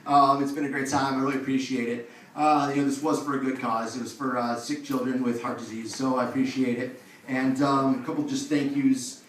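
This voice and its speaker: A man's voice: medium pitch, level tone, brisk, far from the mic, slight background noise. A man telling a loose, swearing stand-up story on a comedy club stage, with the audience laughing behind him. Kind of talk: stand-up set. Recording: echoey club, mic heard from afar.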